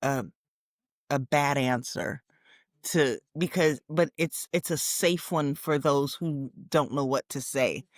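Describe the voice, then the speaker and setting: A woman hosting a podcast in casual chat, telling stories in an animated way and laughing often. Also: deep voice, takes it slowly, no room sound, clean studio sound. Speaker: podcast host.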